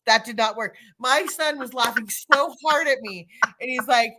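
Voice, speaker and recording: A middle-aged woman telling stories in casual chat, acting out the quotes with lively energy. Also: a little high, normal speed, background noise. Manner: animated storyteller, acts out quotes.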